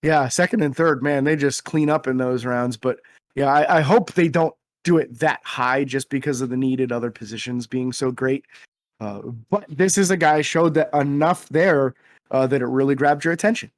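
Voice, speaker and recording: A young man co-hosting a casual sports podcast, talking energetically and quick to exclaim. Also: medium pitch, dry recording, studio quality. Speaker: podcast co-host.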